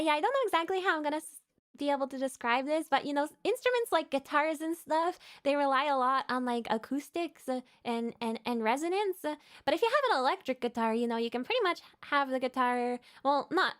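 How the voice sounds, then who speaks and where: A woman with a high, slightly bright voice hosts a casual VTuber live stream. She giggles and says hello to viewers while rambling, full of fillers and restarts.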